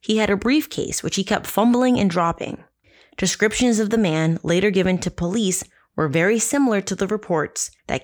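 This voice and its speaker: A woman hosting a casual true crime podcast, telling the story with sarcastic, profane asides. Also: fairly low pitch. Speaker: podcast host.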